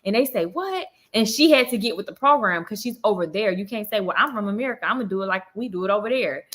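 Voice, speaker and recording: Speaking straight to a phone camera on a live chat, a young woman tells an animated story, acting out little quotes and using plenty of fillers. Her mid-range voice is bright and forward, and she talks fast.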